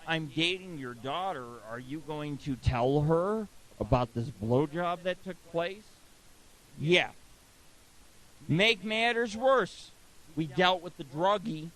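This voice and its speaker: A man's voice: on the high side, rough recording. A middle-aged man hosting a radio talk show, telling crude rambling stories with constant swearing. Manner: profane, rambling, animated.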